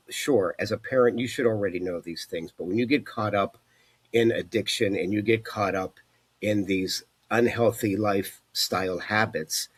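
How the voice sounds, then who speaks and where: A man in his forties recounts his life in an earnest, reflective tone, often pausing on "you know". His voice sits very low and has a husky, slightly rough edge. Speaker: fitness coach telling his story. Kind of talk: personal testimony.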